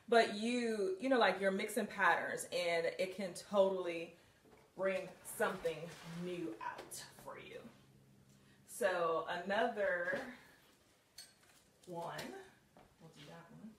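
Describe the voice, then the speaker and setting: A woman's voice: mid-range voice, takes it slowly. A woman coaching viewers on putting outfits together in a casual live video, chatty and full of laughs and ums. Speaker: style coach. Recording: roomy, distant, faint hiss.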